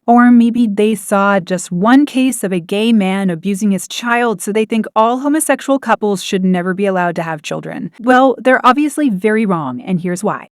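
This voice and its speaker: Female narrator, scripted voice-over, measured and dry-sounding. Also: medium pitch, smooth, no echo. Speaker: narrator of a compilation.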